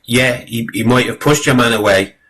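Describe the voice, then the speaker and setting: A man's voice: medium pitch, moderate pace, fairly bright tone, breathy edge, poor audio. A man giving rambling, exasperated spoken commentary on a clip, swearing freely and using lots of fillers. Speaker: video commentator.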